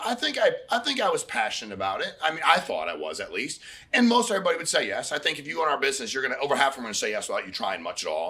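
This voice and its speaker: A middle-aged man delivering a casual motivational recruiting pitch at a brisk clip. His voice is bright and forward, and he talks like he's chatting, often slipping into little stories with quoted back-and-forth. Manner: conversational, storytelling with quoted dialogue, repeats phrases. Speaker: agency head hosting a recruiting meeting.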